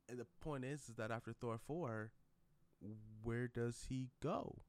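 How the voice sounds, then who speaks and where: A man's voice: medium pitch, normal speed, no room sound. A man vlogging in a casual, rambling way, with lots of fillers and restarts. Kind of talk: casual commentary vlog.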